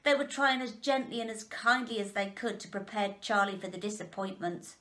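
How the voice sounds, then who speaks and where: Gentle woman storyteller reading a children's chapter book. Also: medium pitch, fairly quick.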